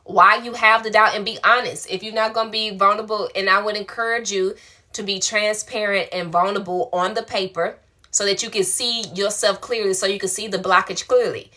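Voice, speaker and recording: Woman, spiritual coach, bright voice, warm slangy encouragement on a live stream. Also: medium pitch, fairly even intonation, fairly quick. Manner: affectionate, colloquial, encouraging. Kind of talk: live-stream answering viewer questions.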